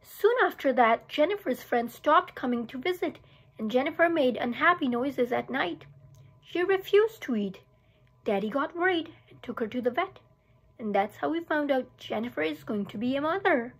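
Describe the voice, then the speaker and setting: A woman teacher reading a children's novel aloud in a steady storytelling manner, with small restarts. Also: high-pitched, moderate pace.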